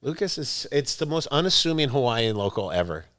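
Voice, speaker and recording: A man in casual podcast chat, voice pitched in the middle range. He tells stories with an easy grin, jumps into quoted voices for the people in them, and laughs often along the way. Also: brisk. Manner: animated storyteller, acts out quotes, laughs often. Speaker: podcast host.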